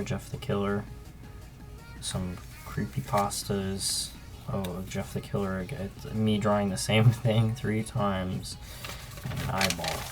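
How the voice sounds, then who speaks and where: A young man in his own casual commentary as he pages through an old sketchbook, relaxed and rambling with frequent ums. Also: sits low. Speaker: artist and channel host.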